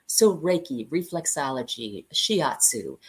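A woman with a lowish voice tells stories from her career as a cabaret singer. Her pitch swings widely as she animates each anecdote. She laughs often and slips into the voices of the people she quotes. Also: sing-song, takes it slowly, slightly rough. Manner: laughs often mid-story. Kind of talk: animated conversational storytelling.

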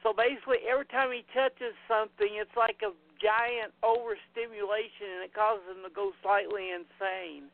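A man's voice: high-pitched, fairly even intonation, normal speed, vocal fry, hardly any pauses. A man hosting a casual podcast chat, rambling through crude plot summaries. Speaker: podcast host. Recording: tinny phone-like line.

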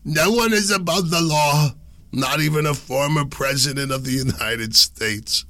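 Guy doing a loud gravelly old italian lady voice, kinda bright. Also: fairly high pitch, a little slow, dry recording, pitched above the performer's own voice. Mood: indignant mocking. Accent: put-on old Italian lady accent. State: sick. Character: fussy old Italian woman, indignant.

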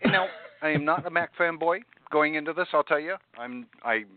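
A man co-hosting a podcast, covering tech news in a playful, animated way. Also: brisk. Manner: playful, animated, jumps in pitch when joking. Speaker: podcast co-host. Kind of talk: casual chat. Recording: dry phone-like sound.

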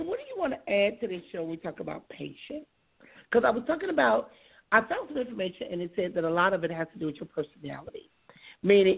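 Hoarse, gravelly woman hosting a talk show. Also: mid-range voice. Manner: chatty, laughs easily, says things twice. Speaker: radio show host. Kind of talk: casual talk show chat. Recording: tinny phone-like sound.

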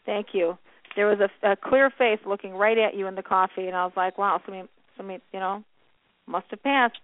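A woman's voice: medium pitch, steady tone, fairly quick, no room sound. A woman hosting a call-in psychic radio show, calling her callers honey. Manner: warm, calls callers honey. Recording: tinny phone line, dry.

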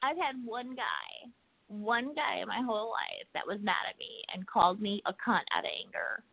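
A woman's voice: mid-range voice, moderate pace, vocal fry, husky, no echo. A woman telling a heated story in casual chat, swearing a lot. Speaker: podcast co-host. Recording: dry tinny phone-like audio.

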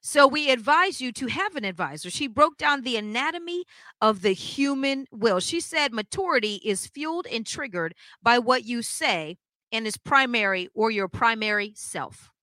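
A woman teaches in an emphatic preaching style, her voice sitting high and ringing bright. She fires pointed questions at her listeners. The recording is close and dry. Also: expressive, moderate pace, no echo. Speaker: co-host of a church broadcast.

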